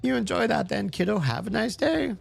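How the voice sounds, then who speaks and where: A man voicing a chatty, sly older lunch lady in a high put-on voice for a video game. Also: big pitch swings, vocal fry, husky, faint music behind, heavily acted. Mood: folksy. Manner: high put-on falsetto, drawn-out folksy talk.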